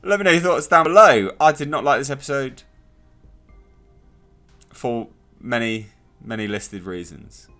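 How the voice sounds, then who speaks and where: A man giving a casual spoken review, animated and sarcastic. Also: mid-range voice, measured pace, pauses often, faint music behind. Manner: animated and sarcastic, mocking characters in silly voices. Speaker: video reviewer.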